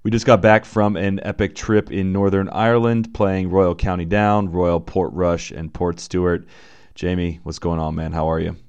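A man hosting a casual golf podcast, upbeat and quick to laugh, with lively asides. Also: sits low, clear, resonant tone, lo-fi sound. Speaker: podcast host.

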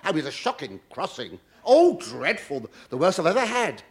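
Camp theatrical comedian. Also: male voice, on the high side, very animated, moderate pace. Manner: camp, theatrical, mock-indignant. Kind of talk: stand-up comedy monologue. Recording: noisy old broadcast recording.

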